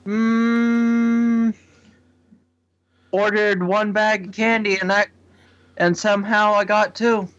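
A man co-hosts a casual podcast in a fairly high voice, his sound a little muffled. He tells his stories haltingly, one loose bit at a time. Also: little pitch movement, fairly bright tone. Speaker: podcast co-host.

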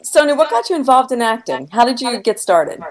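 A woman's voice: a little high, sing-song, fairly quick. A woman co-hosting a radio interview, asking playful, teasing questions. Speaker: co-host. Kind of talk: casual interview chat.

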